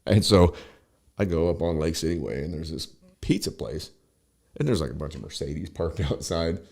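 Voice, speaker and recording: A man with a very deep voice spins a loose podcast story, swearing freely and filling the gaps with "you know" and "I mean." His talk is casual and rambling. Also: expressive, moderate pace, gravelly, a little mellow, husky. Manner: profane, loose, full of fillers and laughs. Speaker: guest.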